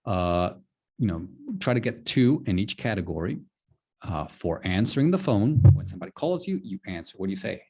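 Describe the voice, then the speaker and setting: A man teaching an online English lesson, explaining phrases slowly and repeating "okay" often. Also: fairly low pitch, very animated, a little mellow. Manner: slow, repetitive explaining with many "okay"s.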